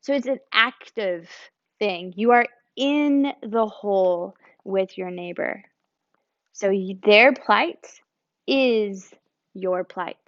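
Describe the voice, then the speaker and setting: Slow-speaking woman giving a teaching talk. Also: mid-range voice, no echo. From United States. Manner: conversational, explains with a hand-drawn picture and acted examples. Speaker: church speaker. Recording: slightly dull lo-fi recording.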